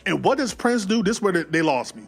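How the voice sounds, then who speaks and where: A man giving a casual, animated movie recap, swearing freely and acting out the scenes as he goes. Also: sits high, fast talker, creaky, slightly rough, soft background music. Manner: animated, profane, acts out scenes. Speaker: film reviewer.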